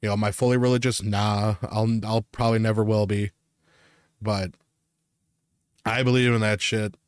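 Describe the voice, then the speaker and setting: A man's voice: fairly low pitch, level tone, normal speed, clear, resonant tone, no echo, studio quality. A man, a podcast co-host, telling a personal ghost story in a casual, profane, rambling way.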